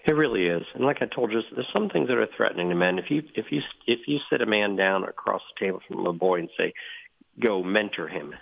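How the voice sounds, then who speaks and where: Gravelly-voiced man on a phone line. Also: fast, no room sound. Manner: earnest, acts out quoted dialogue with rising pitch. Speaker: CEO of a boys' outdoor ministry, guest. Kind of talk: earnest interview storytelling.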